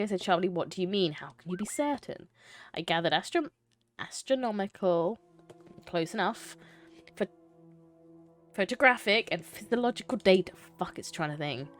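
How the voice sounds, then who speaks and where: A woman streamer reading a choose-your-path story game aloud, breaking off to swear and joke between lines. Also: medium pitch.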